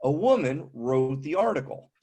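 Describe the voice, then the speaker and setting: Stand-up comic, man, 50s: husky, wry, deadpan. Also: mid-range voice, moderate pace. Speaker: stand-up comedian. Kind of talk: stand-up comedy.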